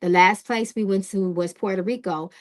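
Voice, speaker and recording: A woman's voice: mid-range voice, fairly even intonation, moderate pace. A woman hosting a live-stream tarot reading who talks in a direct, casual way. She often checks in with "okay?" and greets viewers in the chat.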